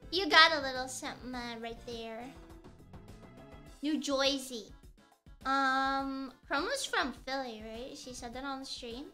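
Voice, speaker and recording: A woman's voice: high-pitched, unhurried, pushed and bright, faint music behind. A young woman streamer chatting playfully and rambling while she crafts on stream.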